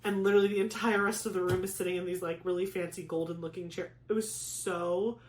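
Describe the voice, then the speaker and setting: A young woman chatting casually, telling a personal story with lots of "like" fillers and animated retelling. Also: on the low side, fast talker, roomy sound. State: pregnant. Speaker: craft vlogger.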